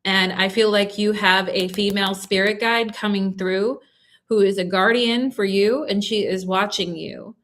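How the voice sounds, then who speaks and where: A young woman with a bright, clear voice reads tarot cards live for her viewers. She talks in a soothing, reassuring way and keeps checking in with them as she goes. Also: medium pitch, fairly even intonation, a little slow. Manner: soothing, reassuring, lots of "okay?" check-ins. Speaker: tarot reader. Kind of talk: live-stream tarot reading.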